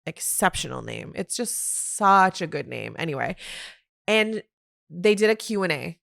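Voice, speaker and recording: A woman's voice: lowish voice, vocal fry. Opinionated woman podcast host. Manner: animated, opinionated, quick asides and laughs. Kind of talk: solo sports commentary podcast.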